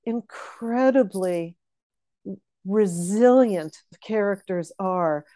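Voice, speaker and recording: A woman's voice: mid-range voice, takes it slowly, dark tone, no echo, clean studio sound. A woman co-hosting a casual chat over a video call, enthusiastic and laughing often, sleepy and yawning. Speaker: podcast co-host.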